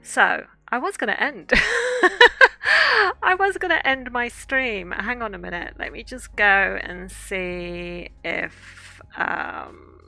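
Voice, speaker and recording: A woman's voice: mid-range voice, lively intonation, slow, creaky, sharp tone, soft background music. A middle-aged woman author in casual livestream chat, chatty and effusive, thanking her viewers often. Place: small home room corner.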